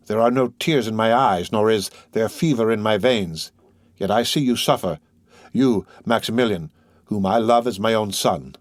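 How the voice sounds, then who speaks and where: A man reading an audiobook voices a calm, mysterious nobleman who speaks in a measured, solemn and persuasive way. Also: lowish voice, no echo, studio quality, close to an everyday voice.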